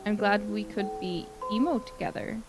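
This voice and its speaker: Playful mid-pitched woman streamer. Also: normal speed, low-quality recording. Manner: playful, earnest, teasing. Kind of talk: casual chat. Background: background music.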